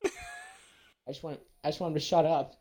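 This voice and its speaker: A man's voice: normal speed, slight background noise. A young man, casually telling a story and acting out every quote with big jumps in his voice. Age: young adult. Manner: animated, acts out quotes with big pitch jumps.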